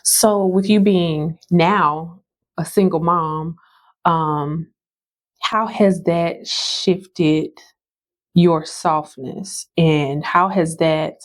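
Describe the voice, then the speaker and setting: A woman hosting an interview, asking gentle, affirming questions. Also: lowish voice, fairly even intonation, extremely slow. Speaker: host.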